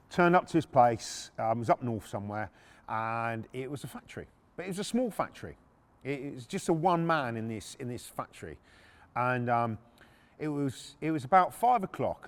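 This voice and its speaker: A middle-aged man tells a story in a blunt, sweary, casual way. His voice sits at an ordinary pitch, and he often restarts his sentences. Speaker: podcast host, former repo man.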